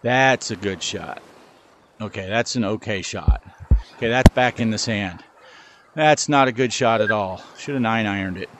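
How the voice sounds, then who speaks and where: In a very noisy recording, a man with a lowish voice speaks at a moderate pace while playing a VR golf game. He's a middle-aged gaming channel host, chatting casually, poking fun at himself, and addressing his ball as he plays.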